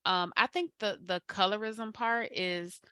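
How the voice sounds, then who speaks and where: A woman on a discussion panel, making her points in a measured, thoughtful way. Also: medium pitch, fairly even intonation, sharp tone, smooth, dry recording, clean studio sound.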